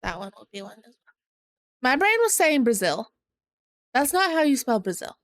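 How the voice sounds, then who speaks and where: A woman streamer chatting casually with viewers in a bubbly, excited high-pitched voice. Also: normal speed, no room sound, studio quality. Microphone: desk microphone.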